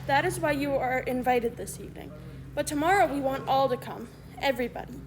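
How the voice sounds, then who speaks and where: A woman's voice: sits high, brisk, slight background noise. A woman voicing a pompous, long-winded older male con man in a storybook reading. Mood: smug. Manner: long-winded, self-pleased speechifying.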